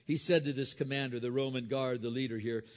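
A man's voice: mid-range voice, fairly quick, muffled recording. Man preaching in an echoing hall. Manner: animated storytelling, stumbling repeats. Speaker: pastor. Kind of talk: sermon retelling a Bible story.

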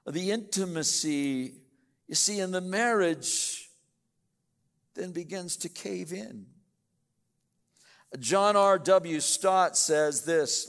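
Male pastor, sermon, earnest, slow deliberate delivery, reverberant hall. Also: fairly high pitch. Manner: earnest, addresses congregation directly. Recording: echoey church hall.

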